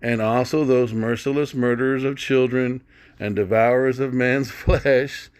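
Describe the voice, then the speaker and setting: A man's voice: medium pitch, fairly even intonation, unhurried, a little mellow, smooth. A man teaching from the Bible and commenting as he goes, emphatic and blunt, often asking his listeners rhetorical questions. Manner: blunt, drops into swearing.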